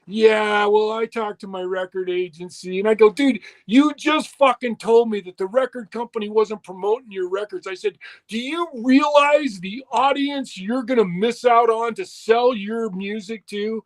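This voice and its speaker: High-voiced man telling a profane story. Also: moderate pace, hardly any pauses. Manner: profane, animated retelling with quoted dialogue. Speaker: interview guest. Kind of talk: storytelling in a shoot interview.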